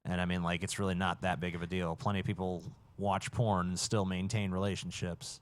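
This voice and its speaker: A man co-hosting a podcast, loud, profane and sarcastic in casual chat. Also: deep voice, flat delivery, a little fast. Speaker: podcast co-host. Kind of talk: crude comedic podcast chat.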